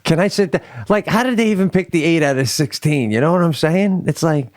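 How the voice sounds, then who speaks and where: A man's voice: fairly high pitch, a little fast. A middle-aged man co-hosting a podcast, riffing in casual comic chat, incredulous and swearing. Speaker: podcast co-host.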